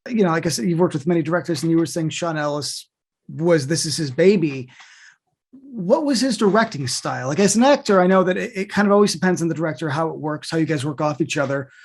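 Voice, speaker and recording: Eager interviewer man, higher voice. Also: expressive, fast talker. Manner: eager, chatty, rambling questions. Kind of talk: casual interview questions.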